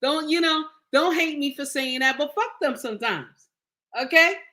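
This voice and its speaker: Bright-voiced woman telling a personal story. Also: sits high, normal speed. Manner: emphatic, repeats phrases, addresses viewers directly. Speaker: vlogger sharing a personal story. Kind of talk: casual storytelling to viewers.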